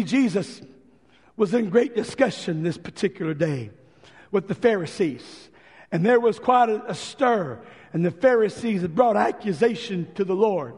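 A male pastor preaching an impassioned sermon with a hoarse voice that is giving out, acting out the visitors' voices as he tells the story. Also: high-pitched, darkish tone, big-room sound.

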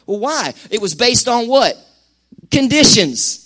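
A middle-aged man preaches in a church sanctuary, his voice sitting high for a man. He talks with animated energy and slips into quick acted-out asides. Sermon delivery to a congregation. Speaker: pastor.

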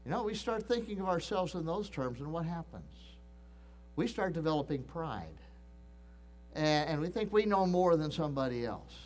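A man's voice: a little high, animated, normal speed, slight background noise. A middle-aged man preaching a sermon, earnest and emphatic, often restarting phrases and repeating key points. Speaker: pastor.

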